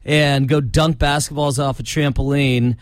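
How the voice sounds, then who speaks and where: A man's voice: medium pitch, steady tone, no room sound, studio quality. Joking man in casual sports banter. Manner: joking, quick reactions, laughs often. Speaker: podcast co-host.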